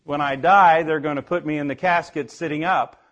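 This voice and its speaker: An older man with a fairly high voice delivers a playful, folksy sermon. He often restarts his words and slips into a spelled-out sing-along. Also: fairly even intonation, normal speed, a bit bright, lo-fi sound. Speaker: preacher.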